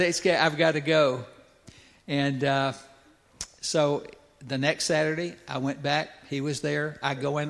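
A man's voice: a little high, gravelly. An older man giving a folksy, conversational sermon story, with asides to the audience. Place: church sanctuary. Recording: echoey church hall.

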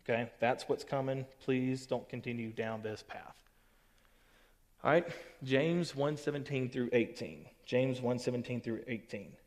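A man's voice: medium pitch, a little slow, darkish tone. A man gives a casual Bible teaching as a pastor, often checking in with "okay" and "all right". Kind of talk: recorded Bible teaching to camera. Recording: long hall reverb.

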